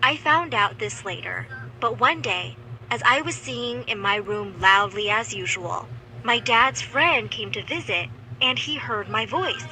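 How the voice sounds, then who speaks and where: A woman voicing a teenage girl who narrates her own animated story about dreaming of rock stardom, in an earnest, expressive way. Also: on the high side, measured pace, a little hiss or hum, full character voice. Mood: determined. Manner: earnest, expressive first-person telling.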